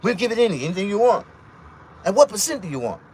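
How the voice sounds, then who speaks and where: A man's voice: high-pitched, big pitch swings, fast, darkish tone, slight background noise, pitched above the performer's own voice. A man voicing an eager, fawning male bank officer who is overly accommodating.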